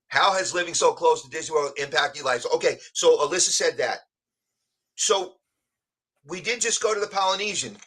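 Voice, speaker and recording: A man's voice: fairly high pitch, animated, moderate pace, pauses often, sharp tone. Chatty man with a New York accent. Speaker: guest. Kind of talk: casual live-stream chat.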